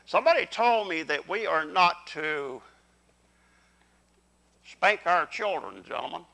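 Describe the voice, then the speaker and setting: An older man preaching a folksy, animated sermon in church. His voice sits fairly high and swings up and down a lot. It has a gravelly edge and a bright, forceful ring. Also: measured pace, low-quality recording. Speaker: pastor. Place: church sanctuary.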